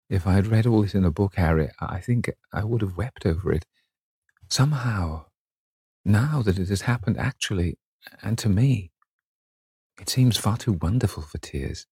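A man voicing a young, passionate and vain English gentleman, with theatrical emotion. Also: low-pitched, husky, no echo, studio quality. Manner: impassioned, theatrical.

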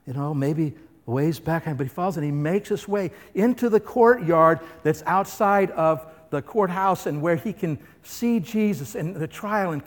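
A pastor preaching a sermon, emphatic and fond of asking his listeners questions. His voice sits somewhat high for a man. It carries the long reverb of a large hall. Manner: emphatic, full of rhetorical questions.

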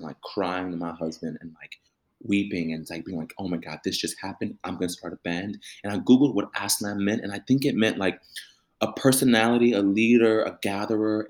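A young adult man, a musician, telling a personal story in an interview and acting out the voices of the people in it. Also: lowish voice. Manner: animated storyteller acting out quoted voices, with laughter. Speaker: musician and band leader.

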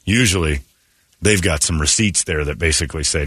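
A man hosting a morning radio show, telling stories in animated casual banter. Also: low-pitched, normal speed, slightly rough, dry recording, clean studio sound. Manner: animated storytelling with quoted voices.

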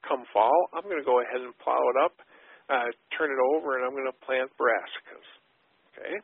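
A man's voice: mid-range voice, gravelly, husky, no echo. A man giving folksy, rambling answers as a guest in a podcast interview, with sarcastic asides and many digressions. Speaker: guest habitat expert. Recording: tinny phone line.

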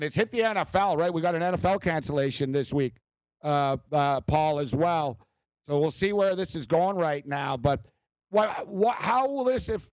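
Male sports radio host, fairly high voice, rambling and animated; dry, slightly muffled sound. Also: no room sound. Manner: rambling, animated, laughs often, many fillers. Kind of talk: casual sports talk.

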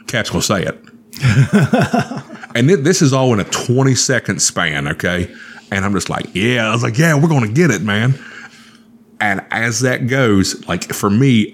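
Casting: very low-voiced man, swearing, animated storyteller on a chat show. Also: slight background noise.

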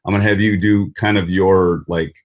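Speaking into a desk mic, this podcast host from Wisconsin in the US Midwest rambles through a casual interview in his Wisconsin accent, restarting and repeating words often. His low-pitched voice has fairly even intonation and a moderate pace, and the audio sounds dull.

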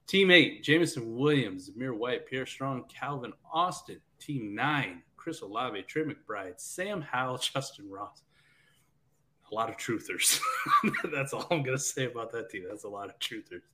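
A man's voice: mid-range voice, animated, measured pace, background noise. A man co-hosting a casual podcast, laughing often as he runs through lists. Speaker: podcast co-host.

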